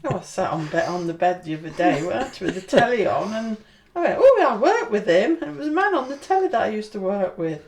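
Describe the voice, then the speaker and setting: A woman's voice: mid-range voice, very animated, fast, darkish tone. A woman chatting casually in a home kitchen, dropping in brief comments beside the host.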